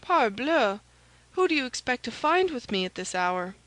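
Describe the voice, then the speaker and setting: A woman's voice: on the high side, sing-song, normal speed, fairly bright tone, dry recording, voice pushed up, rough recording. A woman doing a stern, curt musketeer. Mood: concerned. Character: stern, phlegmatic older male musketeer.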